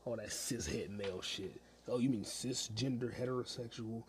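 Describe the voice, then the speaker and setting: A man's voice: medium pitch, moderate pace, a crowd in the background. A young man hosting a solo podcast from home, ranting with heavy profanity and frequent laughter. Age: young adult. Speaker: podcast host. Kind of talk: casual solo podcast rant.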